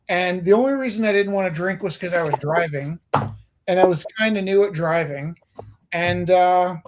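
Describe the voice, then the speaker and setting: A man's voice: high voice, a little hiss or hum. A man in his forties hosting a casual chat, telling earnest stories and acting out what people said. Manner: earnest storytelling, acts out quoted lines. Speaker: host.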